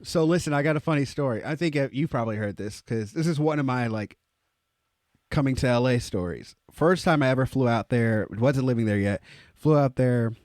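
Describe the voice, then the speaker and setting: A young man on a casual podcast, spinning a story with loose swearing and leaps into high, excited quoted voices. His voice sits at an ordinary middle pitch. The sound is close and dry. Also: a little fast, no echo. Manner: animated, jumps into high exclaimed quotes, swears freely. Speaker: podcast co-host.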